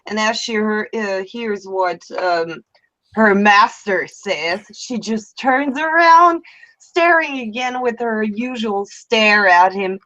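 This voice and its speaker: A woman's voice: medium pitch, takes it slowly, bright, forceful tone, highs cut off. A woman playing in a tabletop game, narrating her character's actions. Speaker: player. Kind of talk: casual tabletop play.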